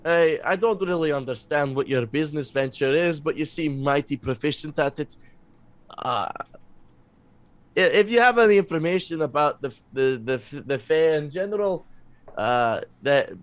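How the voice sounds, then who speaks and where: A man's voice: a little high, lively intonation, dry recording. Stammering man playing a tabletop character. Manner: halting, stammering, curious. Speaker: player.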